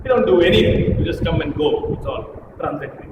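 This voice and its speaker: A man giving playful, animated spoken feedback as a speech evaluator at a public speaking club. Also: a little high, quick pace, highs cut off. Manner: animated, playful, teasing, demonstrative. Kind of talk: live feedback talk to a small audience. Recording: echoey distant room recording with loud ambient hiss.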